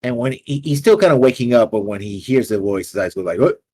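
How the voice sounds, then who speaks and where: A man runs a tabletop game as game master, narrating casually and filling gaps with many small fillers. His pitch rises and falls a great deal. The sound is dry and close. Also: animated, fast, darkish tone, slightly rough, dry recording.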